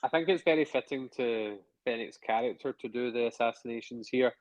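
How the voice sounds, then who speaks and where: A man's voice: medium pitch, fairly quick, dry recording. A man co-hosting a casual review podcast, chatty and hedging as he thinks aloud. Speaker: podcast co-host. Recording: dull lo-fi dry sound.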